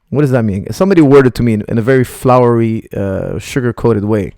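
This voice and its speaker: A man's voice: medium pitch, a little fast, mellow, no echo, studio quality. A middle-aged man, a martial arts coach, bluntly rambling through viewer questions on a live stream.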